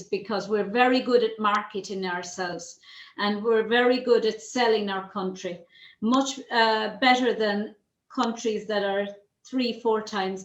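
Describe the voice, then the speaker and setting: A woman's voice: medium pitch, reverberant, highs cut off. An Irish woman hosting an interview over a video call, chatty with many fillers and restarts. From Ireland. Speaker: host.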